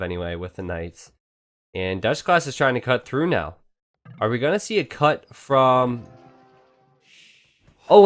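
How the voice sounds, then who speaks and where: A man giving casual, excitable commentary on a strategy game match, chatting to his viewers. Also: medium pitch. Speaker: game caster.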